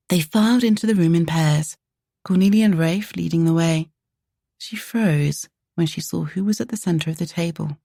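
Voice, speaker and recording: A woman narrating a romance audiobook in a measured, even way. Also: fairly low pitch, vocal fry, husky, dry recording, studio quality.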